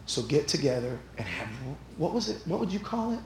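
A man pastor preaching a sermon, telling animated stories that build up to shouts. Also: on the high side, brisk, reverberant, poor audio. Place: church sanctuary.

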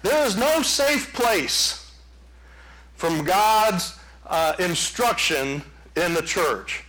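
A man preaching a sermon, telling folksy stories in an animated way. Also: high-pitched, extremely slow, slight background noise, poor audio. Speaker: pastor.

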